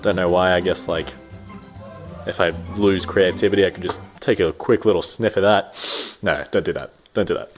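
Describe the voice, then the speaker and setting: A man's voice: low voice, fairly even intonation, normal speed, soft background music. A man giving a loose, rambling, joking tour of his desk. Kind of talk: improvised casual tour.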